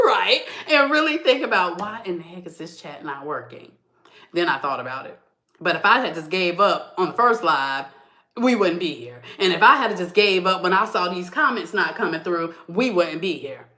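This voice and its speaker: A woman in her thirties hosts her weekly live stream and talks straight to her viewers. Her voice is bright and forceful, with a preachy, motivational push, and she keeps calling them baby and y'all between laughs. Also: medium pitch. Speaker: content creator hosting a weekly live stream.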